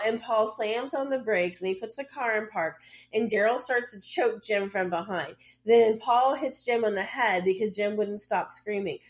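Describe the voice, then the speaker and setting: Woman co-host, mid-pitched, casual chatty storyteller with dry asides. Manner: chatty, loose retelling with lots of "like" and wry asides. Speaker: podcast co-host. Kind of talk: casual true-crime storytelling.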